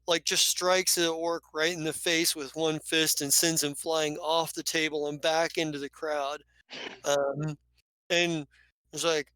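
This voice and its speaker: A man's voice: on the high side, bright, forceful tone, clear, resonant tone, dry recording, poor audio. A man narrating as game master of a tabletop game, rambling loosely with fillers.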